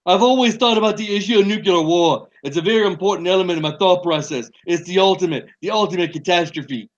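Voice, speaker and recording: A man's voice: high-pitched, fast talker, highs cut off, voice pushed up, lightly acted. A man doing a clumsy, pompous politician impression. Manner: stiff, overblown delivery, admittedly bad.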